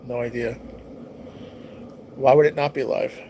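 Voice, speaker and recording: A man's voice: mid-range voice, steady tone, unhurried, darkish tone, rough recording. A man chats loosely with his stream viewers, drifting from topic to topic and reading their comments aloud. His nose is stuffy and his voice sounds worn. A faint hiss of noise sits under the recording. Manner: rambling, easygoing, reads chat comments aloud. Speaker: livestream host. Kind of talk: casual livestream chat with viewers.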